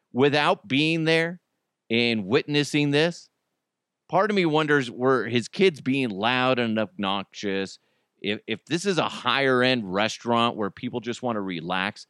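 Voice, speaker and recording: A man's voice: mid-range voice, a bit bright, clean tone, no echo, studio quality. A man with kids hosting a casual comedy podcast, chatting wryly about the news with lots of asides and restarts. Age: adult with children. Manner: chatty, wry, rambling, frequent restarts and asides. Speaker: podcast host.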